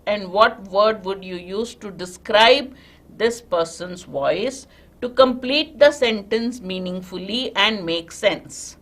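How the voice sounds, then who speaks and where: A woman's voice: a little high, fairly bright tone. A woman with an Indian English accent teaching a live online vocabulary class, explaining step by step and checking in with students.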